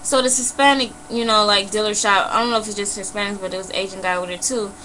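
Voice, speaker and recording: A young woman vlogger telling a personal story in a blunt, animated way, swearing freely and saying "you know" a lot. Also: medium pitch, fast, a little hiss or hum, low-quality recording. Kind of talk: casual emotional storytelling.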